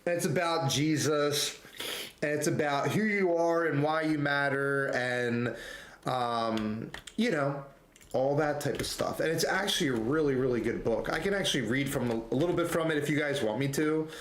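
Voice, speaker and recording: A man's voice: fairly high pitch, normal speed. Rambling man telling a story in an echoey room. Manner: rambling, full of restarts and quoted dialogue. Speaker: streamer. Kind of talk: casual storytelling chat. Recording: echoey room, faint noise.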